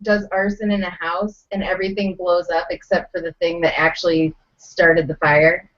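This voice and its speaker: A woman's voice: fairly low pitch, flat delivery, moderate pace, a bit bright. A woman co-hosting a casual podcast, throwing in sarcastic quips. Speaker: podcast co-host. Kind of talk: casual chat. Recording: dull lo-fi podcast audio.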